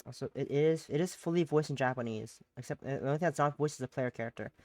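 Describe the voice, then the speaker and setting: A woman's voice: very deep voice, fast, darkish tone, no room sound. A woman streamer with a sick voice, chatting casually and playfully with many fillers while playing a visual novel. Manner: rambling, playful, filler-heavy. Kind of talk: casual let's-play chat.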